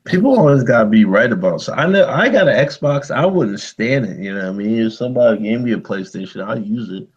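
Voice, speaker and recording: A man with a husky voice chimes in on a podcast in casual chat, talking low and easygoing with lively pitch. His sound is dull and lo-fi, as if he sits off the mic. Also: fairly quick, hardly any pauses.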